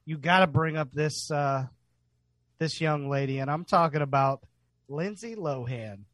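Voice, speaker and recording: A man's voice: fairly high pitch, measured pace, fairly bright tone, no echo. A man co-hosting a podcast, chatting casually and enthusiastically, swearing and laughing often. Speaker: podcast co-host.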